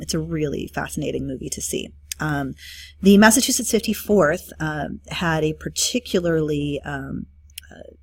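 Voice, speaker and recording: A woman with a fairly low voice explains vocabulary terms to students in a steady teaching manner. She pauses often with fillers as she works through each point. The recording is dry and close. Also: no echo. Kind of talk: classroom study guide review.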